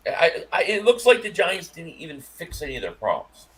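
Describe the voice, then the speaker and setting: A man with a fairly high speaking voice co-hosts a casual sports talk stream. He jokes around in a loose way and keeps restarting his sentences. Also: huge pitch swings, normal speed, a bit bright, a little hiss or hum. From Italian-American. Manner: loose, joking, trails off and restarts. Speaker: podcast co-host. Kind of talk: casual sports chat livestream.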